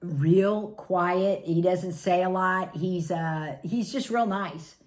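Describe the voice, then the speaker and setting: Low-voiced chatty middle-aged woman. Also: slow. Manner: chatty, laughs often while telling stories. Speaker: family caregiver. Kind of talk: casual storytelling vlog.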